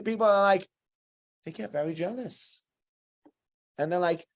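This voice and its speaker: A man giving a weekly Torah talk in an animated, conversational storytelling manner. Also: high voice, normal speed. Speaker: Torah teacher.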